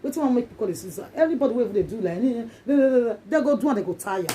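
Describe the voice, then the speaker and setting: In her vlog, a woman with a Nigerian accent chats casually in Pidgin English, emphatic and frequently repeating herself. She races along in a fairly high, animated voice with a dark tone, and there's a little hiss or hum.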